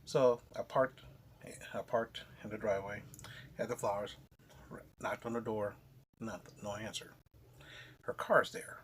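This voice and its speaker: A man's voice: lowish voice, little pitch movement, normal speed, slight background noise. A man casually telling a rambling, profane story on his comic book vlog.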